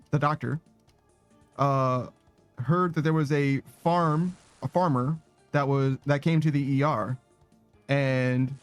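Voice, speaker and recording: A man's voice: a little high, clear, resonant tone, no echo. A man chatting casually while streaming a game, rambling, swearing and laughing at himself. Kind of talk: casual chat while gaming.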